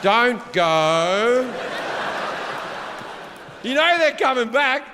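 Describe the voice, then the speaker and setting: A man doing profane, animated stand-up storytelling, shouting his punchlines on a large theater stage. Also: very high-pitched, drawn-out words, background noise. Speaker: stand-up comedian. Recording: live hall reverb, faint crowd ambience.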